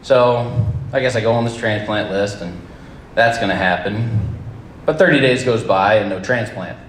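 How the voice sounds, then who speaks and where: A man telling a personal story live to an audience, with wry, deadpan humor and casual swearing. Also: fairly low pitch, normal speed, echoey room, a little hiss or hum. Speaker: storyteller at a campfire event.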